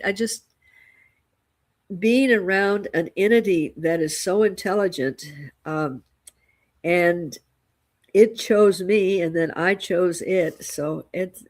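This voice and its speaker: A woman's voice: fairly low pitch, a little mellow. A woman co-hosting a casual spiritual chat show, a Reiki master teacher who tells her story reflectively and with restarts.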